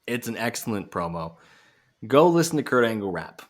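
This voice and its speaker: A man's voice: on the low side, big pitch swings, moderate pace. A man co-hosting a casual podcast, joking and swearing as he talks about wrestling matches. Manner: joking, swearing, quotes wrestlers in put-on voices. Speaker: podcast co-host.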